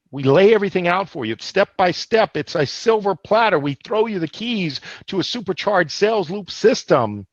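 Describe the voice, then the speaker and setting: A man's voice: sits high, animated, moderate pace, no echo. A man co-hosting a motivational online business webinar, emphatic and forever checking in with "all right?". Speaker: co-host. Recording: dull lo-fi livestream audio.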